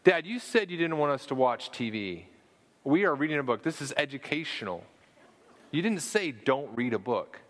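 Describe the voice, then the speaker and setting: A man's voice: medium pitch, very animated, moderate pace, fairly bright tone. A man doing his cheeky kids talking back. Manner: cheeky, self-justifying. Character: the speaker's young children, talking back.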